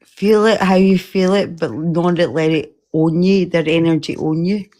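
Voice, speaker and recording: A woman talking in a casual, rambling way about a spiritual encounter, emotional and quick to laugh. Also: fairly low pitch, fairly even intonation, warm tone. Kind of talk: casual chat.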